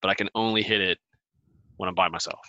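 A man's voice: low voice, steady tone, fast talker, pushed and bright, no echo, highs cut off. A man co-hosting a casual podcast, telling funny stories and laughing often. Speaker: podcast co-host.

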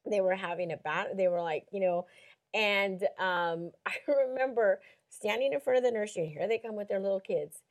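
A woman's voice: mid-range voice, normal speed. A woman in casual chat, telling a story with animation, often laughing and saying "you know.".

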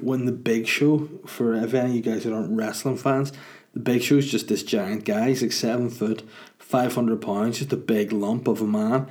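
A man's voice: medium pitch, mellow. A man hosting a casual solo podcast, rambling through jokes with plenty of swearing. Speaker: podcast host and stand-up comedian.

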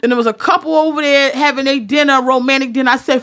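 A woman telling a comedic story in a profane, emphatic way, acting out her own yelling. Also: sits high, steady tone, fast talker, hardly any pauses, background noise. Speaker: storyteller on a talk show.

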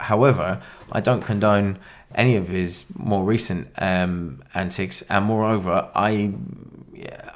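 A man with a low voice hosts a podcast in loose, casual chat. He rambles and swears freely as he talks things over with his co-host.

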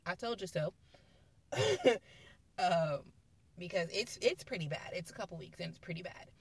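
A woman preaching in a relaxed, conversational way, with a voice that sits a little low. She retells scripture stories with emphasis, leaning into quoted lines as she goes. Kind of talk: casual sermon.

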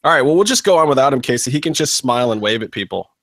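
Male co-host, mid pitch, rambling and jokey, dry close sound. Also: lively intonation, very fast, a bit bright, no room sound. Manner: joking, chatty, rambling. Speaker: podcast co-host. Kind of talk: casual chat.

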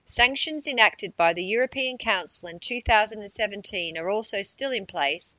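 A woman reading a political news report in a measured narration, with quotes read aloud. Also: medium pitch, sharp tone, no echo, poor audio.

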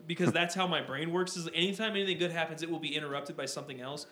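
Young guy rambling on a podcast, swears a lot, slightly high voice, echoey room w faint hum. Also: very fast, sharp tone. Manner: rambling, swears freely, many fillers. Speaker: podcast co-host. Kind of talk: casual chat.

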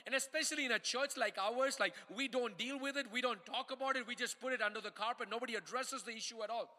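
A pastor from India preaches to his congregation in a very high, strikingly bright voice. He stumbles and repeats words, then drives his points home with insistent questions. The hall gives his voice a long, ringing reverb. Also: fast talker. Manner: repeats words and restarts while preaching, rising to emphatic calls. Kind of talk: sermon. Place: church hall.

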